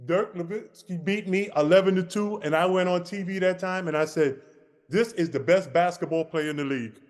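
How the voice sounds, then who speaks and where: A man co-hosting a podcast, telling a lively basketball anecdote and acting out the dialogue. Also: high voice, brisk, in a large hall. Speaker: podcast co-host. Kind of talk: casual storytelling.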